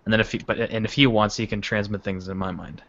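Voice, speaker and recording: A man's voice: fairly low pitch, fairly even intonation, fast, gravelly, fairly bright tone, no echo. A man playing in a casual tabletop role-play, talking hesitantly with frequent restarts. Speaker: player. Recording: dull lo-fi recording.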